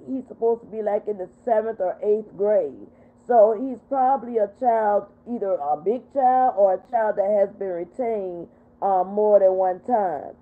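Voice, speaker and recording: An older woman talks through a thin, phone-like livestream feed, upset and close to tears. She keeps stopping to read out viewer comments and answer them. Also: fairly high pitch. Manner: upset, tearful. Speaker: livestream host. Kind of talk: emotional livestream talk reading viewer comments. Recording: tinny phone-quality audio.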